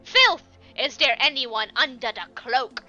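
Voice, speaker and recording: A streamer doing a loud, blustering janitor who demands who is there, slow outraged shouts, raised high voice, somewhat muffled stream audio with faint music behind. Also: female voice, expressive, heavily acted. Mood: indignant. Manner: loud indignant yelling.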